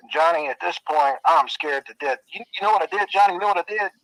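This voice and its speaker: A man spins a scary tale in a loose, drawling voice that sits a little high, and he throws in booming footsteps and other sound effects. The sound is close and dry, with no room behind it. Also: very animated, brisk, vocal fry, a bit bright, no echo, low-quality recording. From Arkansas. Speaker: storyteller. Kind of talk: casual spooky storytelling.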